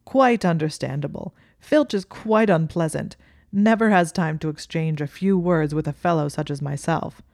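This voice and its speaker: A woman voicing a chatty, cheerful ghost of an old gentleman who talks too loudly. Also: low-pitched, drawn-out words, few pauses, dry recording, studio quality, full character voice. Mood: genial. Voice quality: loud, hearty.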